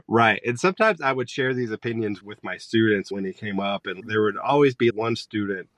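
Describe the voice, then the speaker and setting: A man in his thirties, a high school teacher, guest on a podcast, talking casually and opinionated, drifting onto tangents. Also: normal speed, fairly bright tone, dry recording. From Georgia, US. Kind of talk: casual conversation.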